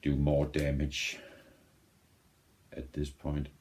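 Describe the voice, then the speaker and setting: Very deep-voiced man, slow stoner drawl. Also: completely flat delivery, a little mellow, a little hiss or hum. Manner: rambling, stop-start, self-correcting. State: a little high. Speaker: music reaction vlogger. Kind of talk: casual unboxing chat.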